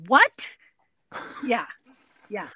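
A woman's voice: on the high side, huge pitch swings, very slow, bright, forceful tone, slightly rough, dry recording. A woman who works as a dialect coach, chatting animatedly as a guest. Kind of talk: casual conversation.

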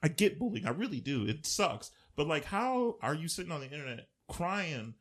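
A man co-hosting a podcast, talking casually and profanely, telling stories in bursts that swing loud and high. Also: very animated, moderate pace. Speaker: podcast co-host. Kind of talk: casual chat.

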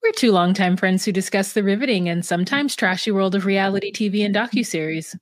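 A laid-back woman co-hosting a podcast, rambling easily through her points with plenty of fillers. Her voice has a mid pitch, and the sound is close and dry. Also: fast, dry recording. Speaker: podcast co-host. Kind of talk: casual chat.

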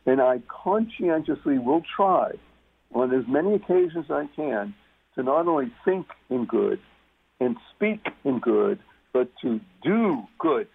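Gravelly emphatic man on a phone line. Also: mid-range voice, lively intonation, a little slow. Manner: emphatic, repeats words for stress. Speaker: radio guest. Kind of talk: talk radio conversation. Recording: muffled phone-line radio sound.

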